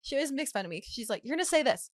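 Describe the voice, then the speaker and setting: A woman's voice: high voice, animated, very fast, dry recording, studio quality. A woman co-hosting a casual podcast, laughing often as she chats. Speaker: podcast co-host. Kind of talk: casual chat.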